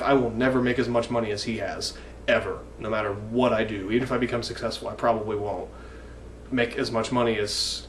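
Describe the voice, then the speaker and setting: A man's voice: medium pitch, far from the mic. A man in his twenties ranting in a vlog, profane, indignant and rambling. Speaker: wrestling fan vlogger. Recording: echoey room, mic from afar, faint noise.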